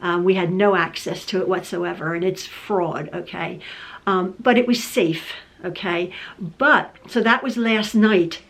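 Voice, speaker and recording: A woman's voice: lowish voice, unhurried. An older woman, a quilting channel host, chatting casually to camera from her home sewing room and rambling with many fillers and restarts.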